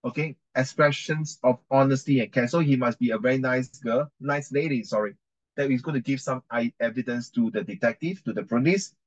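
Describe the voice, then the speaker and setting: A man's voice: medium pitch, fairly quick, highs cut off. Chatty man teaching an English reading class. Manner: chatty, repeats and corrects himself, mixes in Chinese.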